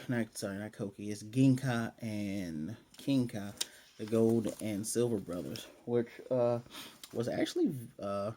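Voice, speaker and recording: A man's voice: mid-range voice, dark tone. A man giving a casual, rambling episode recap and review of an anime, with sarcastic asides.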